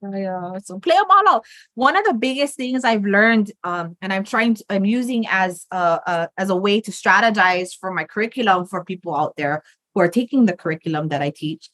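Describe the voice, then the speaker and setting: A woman's voice: medium pitch, no room sound. A woman in casual podcast chat, blunt and profane, rambling with restarts and acting out the voices in her head.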